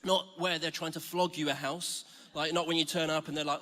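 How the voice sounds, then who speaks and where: A man's voice: on the high side, quick pace, fairly bright tone. A man from Scotland giving a chatty, self-mocking sermon as a church preacher. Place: large church hall. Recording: reverberant church hall.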